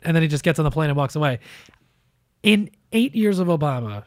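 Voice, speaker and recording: Male podcast co-host, fairly high voice, dry close mic, animated and profane with mocking impressions. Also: fast talker, no echo. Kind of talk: casual political commentary.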